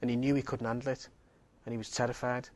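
Talking fast in a level, middle-register voice, a preacher delivers a sermon earnestly and with emphasis. He keeps repeating key points to hammer them home.

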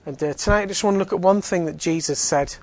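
A man with a fairly high voice gives a relaxed faith talk to a group. He speaks casually and fills his sentences with "you know". He also drops in teasing jokes. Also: fast talker, no echo. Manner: conversational, many fillers, joking asides. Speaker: Alpha course speaker. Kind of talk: evangelistic talk.

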